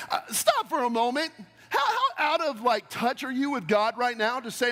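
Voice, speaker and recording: High-voiced pastor preaching in a reverberant hall. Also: male voice, expressive, moderate pace, bright, forceful tone. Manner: conversational preaching with asides and rhetorical questions. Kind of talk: sermon. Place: church sanctuary. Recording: long reverb of a church hall.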